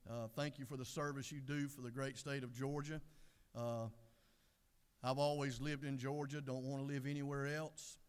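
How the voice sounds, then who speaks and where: A middle-aged man giving a folksy devotional sermon, unhurried with many fillers. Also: mid-range voice, little pitch movement, clear, resonant tone. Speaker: devotional speaker. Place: legislative chamber. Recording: echoey chamber.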